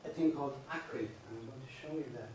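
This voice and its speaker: Medium-pitched and darkish, this Irish man talks quickly while teaching a song workshop, far from the distant room mic in a very echoey classroom, with a little hiss or hum. He patiently explains verse patterns, with many restarts and sung lines, his voice off-mic.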